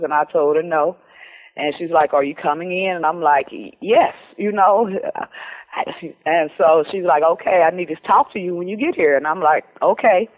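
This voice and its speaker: Middle-aged woman, casual storyteller on a phone line, lively, acts out dialogue, lots of fillers. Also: lowish voice. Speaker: lottery winner telling her story. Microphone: telephone.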